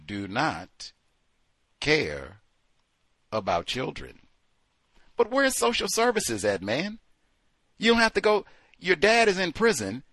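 A man's voice: sits high, bright, forceful tone, no room sound. A man hosting a call-in show, giving emphatic, sarcastic commentary. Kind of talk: talk radio commentary.

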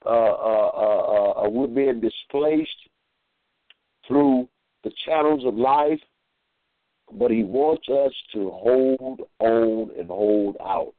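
Male minister calling in, mid-pitched, folksy and rambling, over a dry, tinny phone line. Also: slow pace, no room sound. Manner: rambling, repeats himself, acts out voices. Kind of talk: folksy storytelling and preaching.

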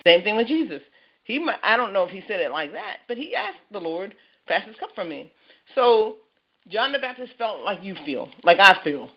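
Woman in the middle pitch range, earnest and halting testimony over dull, muffled call audio. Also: big pitch swings. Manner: earnest, halting, repeats words. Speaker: church member giving testimony. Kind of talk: personal testimony on a church call.

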